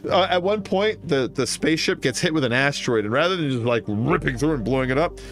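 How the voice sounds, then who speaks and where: Animated rambling male streamer. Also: a little high, moderate pace, faint music behind. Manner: rambling, animated storytelling full of fillers. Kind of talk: casual chat while gaming.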